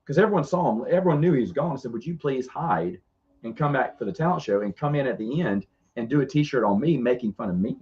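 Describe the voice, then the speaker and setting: A middle-aged man telling rambling, animated stories as a podcast co-host in casual chat. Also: medium pitch, quick pace. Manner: rambling, animated, frequent restarts. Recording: dull lo-fi sound.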